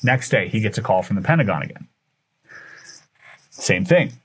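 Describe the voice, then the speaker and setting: A man who is a guest on a podcast, telling a story in animated fashion, acting out the dialogue and often restarting his sentences. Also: on the low side, moderate pace, husky. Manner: acts out dialogue with shifting voices, frequent restarts.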